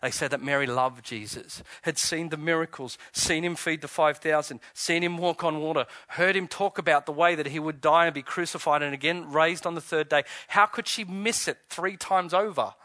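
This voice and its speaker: A man gives an Easter sermon in a fairly high, bright and forceful voice. He talks to the congregation conversationally, posing questions and restarting his phrases. The sound is dry and close. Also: moderate pace, few pauses, dry recording. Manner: conversational, questioning, self-interrupting preacher. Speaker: pastor.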